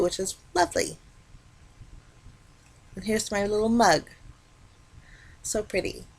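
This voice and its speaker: A woman talking casually through a card-making tutorial, explaining each step in a relaxed, chatty way. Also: medium pitch. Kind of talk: casual craft tutorial narration.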